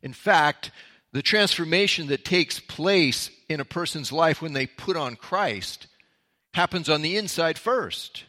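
A man with a bright, forceful voice that sits a little high for a man. He teaches a sermon in a relaxed, storytelling way. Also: unhurried. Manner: storytelling, conversational. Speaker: pastor. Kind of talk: sermon-style Bible teaching.

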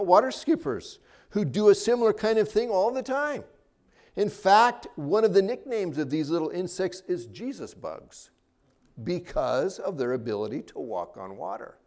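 Animated man preaching a sermon. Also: high voice, normal speed. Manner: animated, rising and falling emphasis. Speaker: pastor.

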